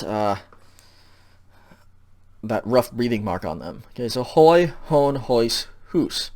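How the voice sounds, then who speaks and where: A male teacher with a medium-pitched, darkish voice gives a recorded lecture over slides. He is patient and explanatory, checks in often, and fills pauses with ums.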